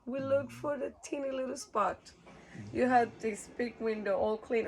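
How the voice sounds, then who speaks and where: A woman's voice: fairly high pitch, steady tone, moderate pace, poor audio. A woman from Rica, telling a rambling story casually, laughing often and swearing freely. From Costa Rica. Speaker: cruise ship worker.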